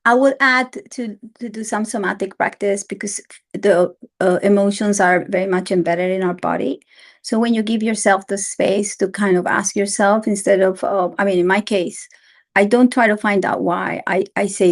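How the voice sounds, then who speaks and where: A woman guest in an interview, talking gently and animatedly with many fillers as she explains ideas. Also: mid-range voice, fairly even intonation, moderate pace. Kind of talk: casual interview talk.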